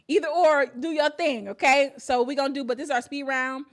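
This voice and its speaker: A woman's voice: sits high, fairly quick. A woman hosting a poetry open mic on a cafe stage, talking casually and hyping up the crowd. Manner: lively, hypes up the crowd, casual slang.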